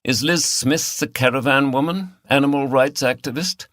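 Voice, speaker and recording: A man's voice: medium pitch, normal speed, fairly bright tone, no echo, studio quality, pitched above the performer's own voice, natural voice. A man reading the part of a middle-aged male artist with a British RP accent, polite, precise and faintly superior.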